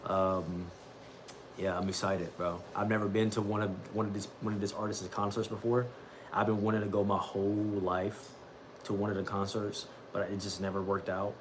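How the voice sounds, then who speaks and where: Young guy streaming, kinda low voice, rambles and says bro a lot, noisy background. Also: level tone, moderate pace. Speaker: livestream host reading the Bible. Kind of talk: casual livestream chat.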